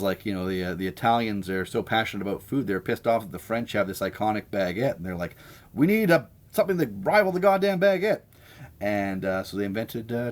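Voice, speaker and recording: A man hosting a casual live stream, chatting and answering viewer comments with opinionated enthusiasm. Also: lowish voice. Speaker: host of a live sandwich stream.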